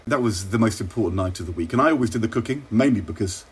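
A middle-aged man from England, a former minister, telling wry, measured stories in an interview. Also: fairly low pitch, animated, breathy edge. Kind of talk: relaxed interview anecdotes.

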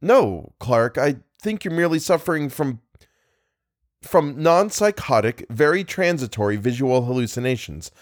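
A man voicing a cordial, brisk gentleman who reassures an old friend. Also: medium pitch, animated, no room sound, clean studio sound, voice pushed up, natural voice. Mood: reassuring. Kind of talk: audiobook character voice.

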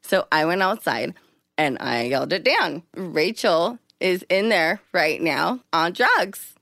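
Woman, interview guest, chatty storyteller, animated quoting, dry room. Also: slow, no echo. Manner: animated, acts out quotes with big pitch jumps. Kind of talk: casual storytelling.

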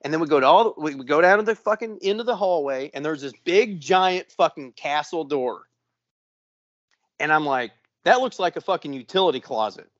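A man's voice: fairly high pitch, normal speed, dry recording, lo-fi sound. A man co-hosting a podcast, telling a story in casual chat, swearing constantly and acting out quotes. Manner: profane, animated, acts out quotes. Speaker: podcast co-host.

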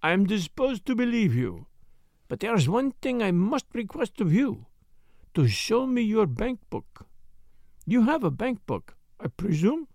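A man's voice: high voice, sing-song, unhurried, no room sound, studio quality, pitched above the performer's own voice, exaggerated voice. A man voicing a shrewd, self-assured middle-aged Belgian detective with a French accent, asking precise, needling questions in an audiobook. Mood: measured. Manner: precise, needling questions with sudden sharp jabs. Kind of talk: audiobook character voice.

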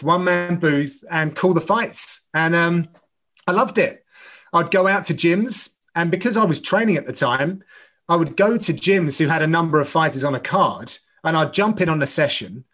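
A man's voice: sits high, a bit bright. A middle-aged man, an MMA commentator, talking earnestly in a podcast interview and often restarting phrases. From United Kingdom.

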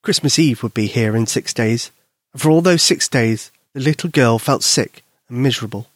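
A man's voice: medium pitch, moderate pace, dry recording, clean studio sound. Man reading a bedtime story. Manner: gentle, expressive reading. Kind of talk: children's story narration.

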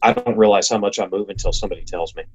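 A man's voice: lowish voice, slightly rough. A man who works as a racing announcer, talking casually as an interview guest and describing his work with enthusiasm and frequent restarts. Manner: enthusiastic, talks in quick bursts with restarts. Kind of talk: casual conversation. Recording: lo-fi, slightly dull sound.

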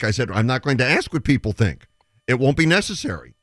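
A man's voice: medium pitch, very animated, quick pace, fairly bright tone, no room sound, studio quality. A man hosting sports talk radio, making emphatic predictions and retelling stories with quoted dialogue.

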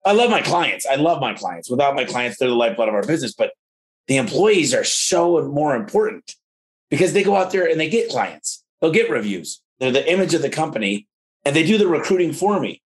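A man's voice: on the high side, very animated. A man who owns a garage door company, talking casually and eagerly in an interview, telling stories with lots of asides. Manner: enthusiastic storyteller, quick asides.

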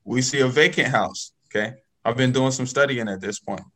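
Lively storytelling man. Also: mid-range voice, moderate pace. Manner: animated, checks in with "okay?" and "right?". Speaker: guest, real estate investor. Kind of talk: casual storytelling.

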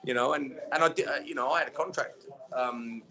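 A man, a former footballer, telling stories in a relaxed interview chat with many fillers. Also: medium pitch, a little fast, gravelly, crowd noise. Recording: dull lo-fi sound.

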